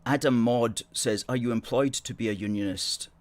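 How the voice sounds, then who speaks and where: Reading viewer comments aloud on his live stream, a middle-aged host keeps things playful, chatty and self-mocking. He talks at medium pitch and normal speed.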